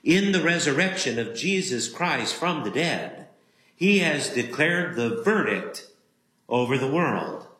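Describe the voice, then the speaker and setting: A man preaching a sermon as a pastor, slow and emphatic, leaning on single words with long pauses. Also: fairly high pitch, big pitch swings, fairly bright tone, echoey room, poor audio.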